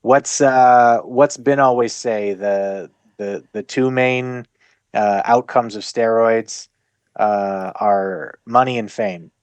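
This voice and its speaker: A Canadian man co-hosting a podcast, chatting casually and asking relaxed questions. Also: medium pitch, slow, dry recording. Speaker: podcast co-host. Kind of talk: casual chat.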